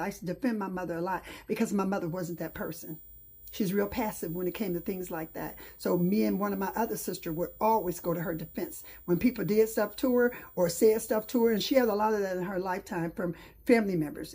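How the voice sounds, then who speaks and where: A woman's voice: mid-range voice, darkish tone, breathy edge. A middle-aged woman hosting her own talk show, telling a personal story in an earnest, reflective way. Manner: earnest storytelling with pauses and restarts. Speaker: host.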